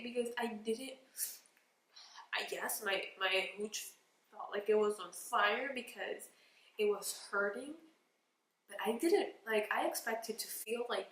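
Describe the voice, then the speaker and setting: A woman's voice: a little high, moderate pace, a bit bright. A young woman vlogger sniffling as she tells a candid, emotional personal story to camera, slipping into whispered asides, recorded at home on a camera mic. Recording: roomy echo with faint background noise.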